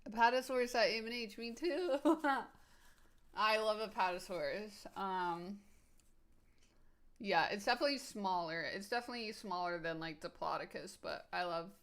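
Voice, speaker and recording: A woman's voice: mid-range voice, moderate pace, fairly bright tone. A woman streaming casually, answering viewers' comments in a rambling, enthusiastic way full of "like" and "um". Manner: rambling, filler-heavy with frequent "like" and "um"; enthusiastic, laughs easily.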